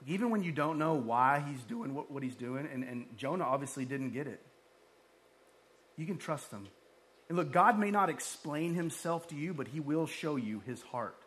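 A male pastor preaching a lively sermon, with joking asides and acted-out quotes. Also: fairly high pitch, moderate pace.

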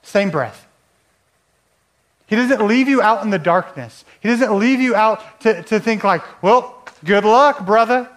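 A man's voice: sits high, lively intonation, a little slow, long pauses. A man preaching a sermon in a conversational way, often asking the listeners rhetorical questions. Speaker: pastor.

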